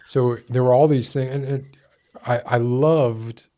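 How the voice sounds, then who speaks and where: A man's voice: medium pitch, fairly even intonation, measured pace, warm tone. A man hosting a casual chat, rambling and hesitant as he talks things through. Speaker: podcast host.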